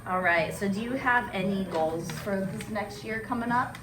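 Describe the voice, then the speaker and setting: A woman's voice: mid-range voice, normal speed. A woman realtor hosting a casual interview, friendly and affirming, with lots of fillers. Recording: distant, echoey, with background music.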